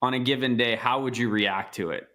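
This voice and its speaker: A man co-hosting a casual sports podcast, giving firm opinions and deadpan jokes. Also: medium pitch, a little fast. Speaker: podcast co-host.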